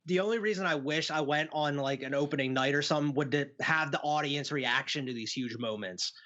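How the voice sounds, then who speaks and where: A young man co-hosting a podcast, retelling scenes in an animated way and acting out lines with laughter. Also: a little high, a little fast. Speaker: podcast co-host. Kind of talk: casual chat. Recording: dull lo-fi sound.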